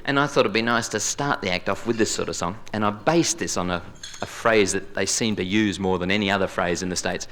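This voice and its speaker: A man's voice: low-pitched, a little fast, few pauses, a bit bright, a little hiss or hum. An Australian man doing live stand-up comedy, rambling and joking through stories on a theatre stage. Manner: chatty, rambling, jokey storytelling. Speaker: comedian and singer. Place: large theatre stage before a live audience. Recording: live stage recording with music.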